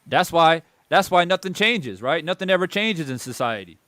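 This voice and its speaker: A man's voice: a little high, animated, normal speed, fairly bright tone, no room sound. A man hosting a boxing channel, delivering a heated opinion monologue and repeating phrases for emphasis.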